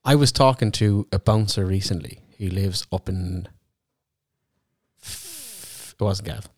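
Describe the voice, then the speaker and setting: A man's voice: low-pitched, moderate pace, no room sound. A young man from Cork's north side with a local accent, co-hosting a podcast with dry, sweary wit. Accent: Cork north side. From north side of Cork. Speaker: podcast co-host. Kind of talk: casual chat.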